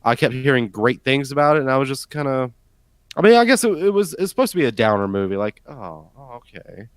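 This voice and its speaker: A man's voice: medium pitch, expressive, quick pace, clear, resonant tone, no echo. A man co-hosting a podcast, chatting in a laid-back, rambling way and swearing casually. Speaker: podcast co-host.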